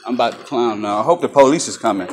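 A man filming himself on a phone in a large store, heated and profane in an angry confrontation. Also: medium pitch. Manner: heated, profane, fast-talking. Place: large retail store indoors. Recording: loud store noise behind. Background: store ambience.

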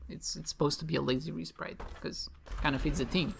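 A woman's voice: sits low, steady tone, quick pace, creaky, slight background noise. A woman giving casual, rambling let's-play commentary while she plays, chatty and self-deprecating, often giggling and restarting her sentences. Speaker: gaming video creator. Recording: faint music behind.

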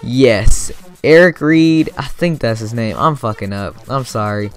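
A young man giving casual, excitable commentary over his own video game match, swearing freely and bursting into sudden yells. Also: medium pitch, unhurried, over music. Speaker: gaming YouTuber.

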